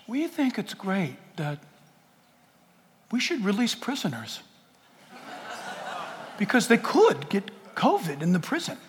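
A man's voice: high voice, huge pitch swings, slow, pauses often, slight background noise. A man pastor preaching a sermon in a church sanctuary, impassioned and jokey, firing off rhetorical questions. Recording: long church hall reverb.

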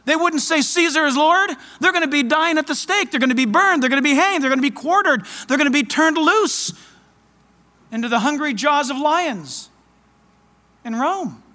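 A man preaching a sermon as pastor, fervent, loud and excited. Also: very high voice, normal speed, long reverb tail.

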